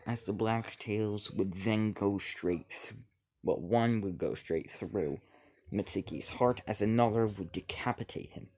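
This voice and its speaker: A man telling a fan-made story off the cuff, halting and restarting his sentences, stringing events together with "as". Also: fairly low pitch, a little mellow. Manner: halting, many restarts and repeated "as he would". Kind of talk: improvised fan-fiction narration.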